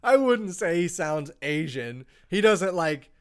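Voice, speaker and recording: A man co-hosts a casual podcast chat, his voice sitting a little high and coming through smooth and clean. He wanders through his points, restarting and filling gaps as he goes. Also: very animated, slow pace. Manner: chatty, rambling with fillers. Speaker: podcast co-host.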